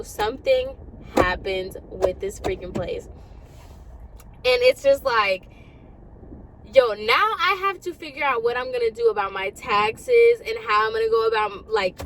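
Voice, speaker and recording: Young woman ranting fast in a parked car. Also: fairly high pitch, slight background noise, rough recording. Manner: exasperated, ranting, rapid and animated. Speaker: vlogger. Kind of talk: casual rant to camera.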